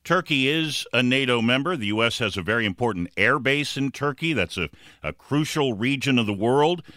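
A man interviewing a congressman for a news program, asking direct, brisk questions. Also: mid-range voice, lively intonation, sharp tone, no room sound, studio quality. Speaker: radio interviewer.

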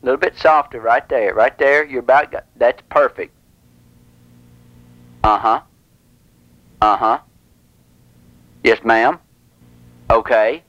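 A man playing a fussy prank caller with sensitive ears, insisting in a deadpan tone on a radio crank call. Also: medium pitch, brisk, no room sound, muffled recording, close to an everyday voice. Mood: insistent.

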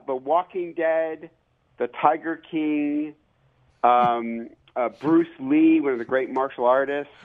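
A man, an author and professor, telling lively stories with many fillers as a guest on a radio interview. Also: fairly high pitch. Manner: lively, animated storyteller with fillers. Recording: tinny phone line.

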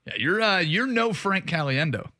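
A radio co-host with a fairly high, lively voice that rises and dips constantly. He jokes, teases and booms out greetings in casual banter. The studio sound is dry and close. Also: normal speed, dry recording. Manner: animated, joking, booming greetings. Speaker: radio sports show co-host.

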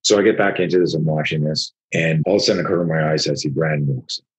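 A man with a very low, husky voice tells a story in casual conversation, animated and profane. He acts out the lines of the people in it and swears freely. He sounds like an older martial arts teacher. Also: fast, low-quality recording.

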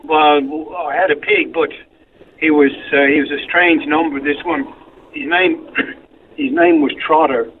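A man with an Irish accent calling in to a radio show, telling jokes in a deadpan way. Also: on the high side, measured pace, slight background noise. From Ireland. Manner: deadpan joking. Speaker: radio caller. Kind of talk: phone-in chat. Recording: tinny phone line.

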